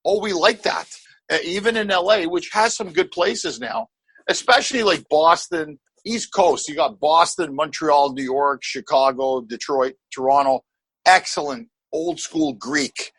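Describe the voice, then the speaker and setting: A middle-aged man hosts a podcast in a high, husky voice on a close, dry mic. He rambles with animated energy, laughs often and swears freely. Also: measured pace, no room sound, poor audio. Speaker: podcast host. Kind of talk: casual podcast conversation.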